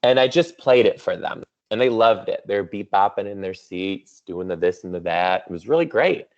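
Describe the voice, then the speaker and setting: Over a video call, a man in his thirties gives teachers a playful, chatty keynote studded with teasing asides. His lowish voice is expressive, his pace moderate, and the audio sounds dull.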